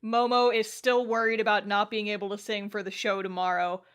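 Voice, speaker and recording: A woman co-hosting a podcast, recapping an anime episode in casual, animated chat with frequent swearing and laughter. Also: medium pitch, brisk, clean tone. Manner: animated, profane, laughs often. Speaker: podcast co-host.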